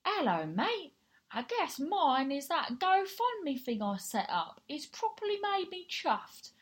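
A woman doing a chirpy, high-pitched bloke. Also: big pitch swings, takes it slowly, full character voice. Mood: chuffed. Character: cheery, chatty male friend, pleased and chuffed.

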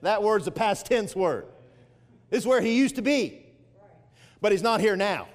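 A man's voice: sits high, lively intonation, normal speed, in a large hall. A man preaching an Easter sermon as pastor, stretching key phrases and building to emphatic peaks. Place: church sanctuary.

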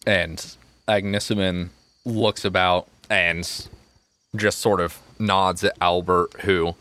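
A man narrating a tabletop game as game master, chatty and quick to laugh. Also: low voice, steady tone, sharp tone, no echo.

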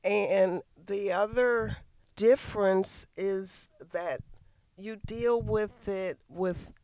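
An interview host asking measured, attentive questions. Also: medium pitch, a little mellow, dry recording. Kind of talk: conversational interview. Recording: slightly muffled, lo-fi audio.

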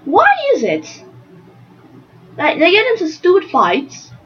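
A woman's voice: high-pitched, huge pitch swings, fairly bright tone, highs cut off, slight background noise, exaggerated voice. A woman playing a chatty young unicorn. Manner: playful, earnest, halting. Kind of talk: improvised role-play interview.

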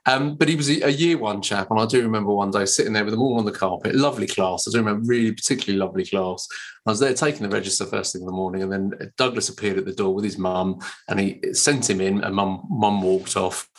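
A man who trains teachers, telling lively classroom stories in a relaxed chat. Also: lowish voice, fast. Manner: animated anecdotes with bright put-on quotes. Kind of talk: casual podcast chat.

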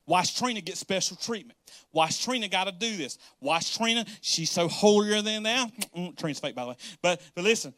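Man, pastor, lively sermon, bright ringing tone. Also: high voice, moderate pace, no echo, clean studio sound. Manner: animated, playful, acts out congregants in a raised voice, laughs often.

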